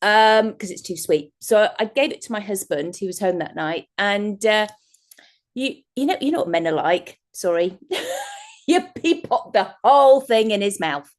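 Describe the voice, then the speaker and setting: A woman's voice: mid-range voice, expressive, a little slow. A woman giving a chatty, rambling workshop talk as a guest speaker over a video call, often breaking into laughter. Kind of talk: online workshop presentation.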